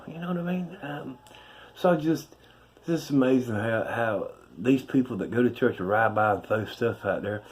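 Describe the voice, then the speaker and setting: A middle-aged man with a North Carolina Southern accent, a street preacher giving a rambling, folksy, emphatic spoken testimony. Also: fairly low pitch.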